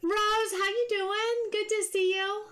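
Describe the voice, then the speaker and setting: A woman's voice: very high-pitched, fairly even intonation, slow, fairly bright tone. A woman streaming a game live, chatting casually, musing aloud as she plays and greeting viewers from chat.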